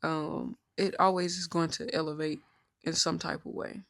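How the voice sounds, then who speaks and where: A woman of thirty co-hosting a podcast, telling stories in an outspoken, mostly even-toned casual chat. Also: low voice, normal speed. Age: 30s. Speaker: podcast co-host.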